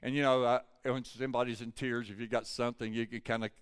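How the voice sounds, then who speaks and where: An older male pastor tells a story from the pulpit in a folksy, conversational way. His voice is smooth and resonant, sitting at an ordinary middle pitch for a man. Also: little pitch movement, quick pace. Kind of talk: storytelling sermon.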